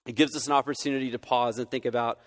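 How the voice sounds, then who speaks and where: A man's voice: medium pitch, fairly even intonation, very fast. A man, a campus minister, giving a sermon in an earnest, conversational way with frequent restarts. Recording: long reverb of a hall.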